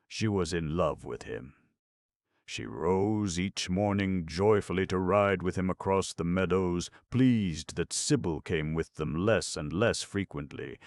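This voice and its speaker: A man narrating a classic novel as an audiobook, reading in a measured, even way. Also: low voice, no room sound. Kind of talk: scripted literary narration.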